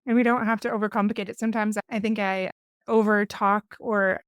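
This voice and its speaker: A woman in her forties hosting a podcast, speaking in a thoughtful, measured, reflective way. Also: mid-range voice, flat delivery, clear, resonant tone, no room sound, clean studio sound. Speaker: podcast host. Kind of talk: reflective conversation.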